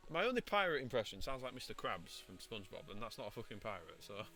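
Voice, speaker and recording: Over faint background music, this male VTuber talks fast in a bright, forceful medium-pitched voice that swings widely in pitch. He's streaming a courtroom game, voicing its lines and joking through laid-back let's-play commentary.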